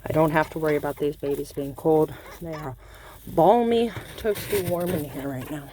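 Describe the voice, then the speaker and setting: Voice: medium pitch, normal speed, dark tone, slight background noise. A small-farm owner chatting casually through a how-to demonstration, explaining as they go with plenty of ums and uhs.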